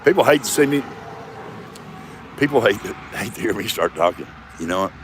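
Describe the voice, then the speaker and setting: A man's voice: on the low side, lively intonation, fairly quick. A man in his fifties rambling and swearing in a self-mocking solo vlog, recorded outdoors in a front yard. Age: 50s. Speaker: comedian vlogger. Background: passing traffic.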